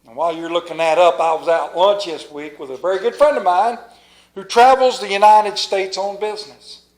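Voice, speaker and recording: A man's voice: sits high, steady tone, normal speed, darkish tone, low-quality recording. A male pastor preaching a Sunday sermon in church, telling a folksy story and praying earnestly. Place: church service.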